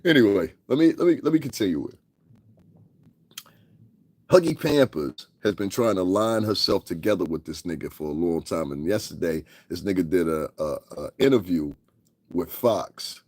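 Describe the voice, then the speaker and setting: A man's voice: deep voice, expressive, moderate pace, darkish tone, no room sound. A man giving a profane, casual rant, laughing and mocking people with impressions. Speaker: commentary vlogger.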